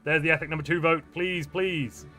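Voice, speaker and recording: Bright-voiced chatty male streamer. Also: a little high, fairly even intonation, moderate pace, faint music behind. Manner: chatty, answers viewer chat, playful and jokey. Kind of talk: live-stream chat while gaming.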